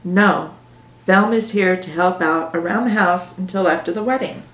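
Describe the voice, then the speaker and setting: A woman's voice: fairly low pitch, normal speed, fairly bright tone, natural voice. A woman voicing a stern, fussy older mother who scolds and takes offence easily, read from a novel. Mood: scolding. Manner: stern, indignant. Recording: roomy echo.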